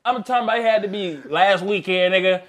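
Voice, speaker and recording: A man's voice: high voice, fast, heavy background noise. A young man telling a boastful story animatedly in a casual chat with friends.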